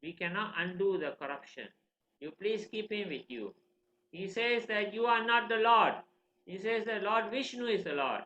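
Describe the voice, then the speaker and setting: A man's voice: high-pitched, expressive, a bit bright, slight background noise. A man doing fretful, apologetic teachers. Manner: slow, pleading storytelling voice. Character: two worried, apologetic male teachers. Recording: roomy, slightly dull recording.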